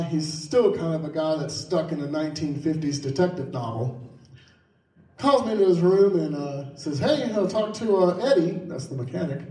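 High-voiced man telling a story in a roomy space. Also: mellow, distant mic. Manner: vivid first-person telling, pace swinging from quick to slow. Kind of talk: personal storytelling. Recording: roomy, voice set back from the mic.

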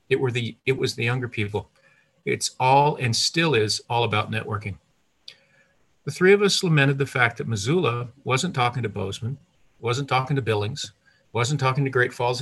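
A man's voice: mid-range voice, fairly bright tone. An older retired man telling a personal story in a conversational way, with restarts and self-corrections.

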